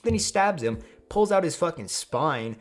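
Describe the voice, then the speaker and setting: A man's voice: on the high side, big pitch swings, moderate pace. A man casually narrating a fan story, crude and rambling, swearing often. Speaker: YouTube storyteller.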